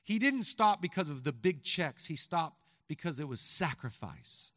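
A high-pitched man preaching to his congregation, his voice bright and forceful. He moves from easy conversational storytelling to fervent, shouted exhortation. The mic is close and dry, with a long hall reverb behind it. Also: big pitch swings, measured pace. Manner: conversational, builds to shouting fervor. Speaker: pastor. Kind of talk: sermon. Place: large church hall.

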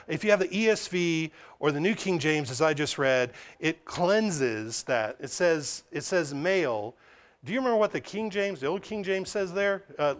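A man with a notably high voice delivers a sermon, working through a scripture passage line by line. He reads aloud, stops to explain, repeats and restarts words, and slips into brief acted asides as he goes. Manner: expository preaching with frequent restarts and acted asides. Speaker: pastor.

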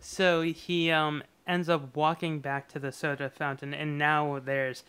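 Guy on a podcast, slightly high and smooth voice, rambly and chuckly, lots of ums. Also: little pitch movement, unhurried, a bit bright. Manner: rambling, chuckling, with frequent fillers. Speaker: podcast co-host. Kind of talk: casual chat reviewing a TV episode.

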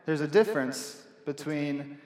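A man's voice: fairly high pitch, unhurried, a little mellow. A young man preaching a sermon in a church, earnest and conversational, repeating key phrases for emphasis. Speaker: pastor. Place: church hall. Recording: echoey hall from far off.

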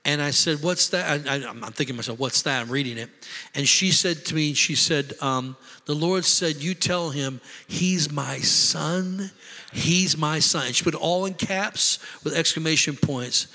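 A man's voice: on the high side, moderate pace, bright, forceful tone. A middle-aged man preaching a sermon as pastor, impassioned and conversational, repeating himself for emphasis. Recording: long hall reverb.

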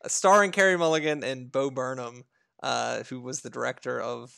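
A man co-hosting a casual film review podcast, laughing often and pausing to recall details. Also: medium pitch, fairly even intonation, creaky, sharp tone, no echo, clean studio sound. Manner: laughs often, fillers and restarts while recalling. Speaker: podcast co-host.

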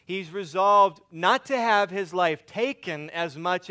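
A man delivers a sermon, slow and deliberate. His voice sits fairly high for a man and comes through smooth and resonant. He moves between earnest, emphatic lines and quiet, hushed asides. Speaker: pastor.

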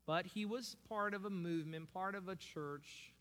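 A man preaching a sermon as pastor, building to slow, emphatic peaks. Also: sits high, fairly bright tone. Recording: long hall reverb.

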